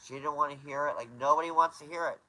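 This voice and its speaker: A man's voice: on the high side, fast, sharp tone, rough recording. Crying middle-aged man, pleading. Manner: pleading, tearful, repeats himself. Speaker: YouTuber in an archived live stream. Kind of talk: emotional live-stream rant.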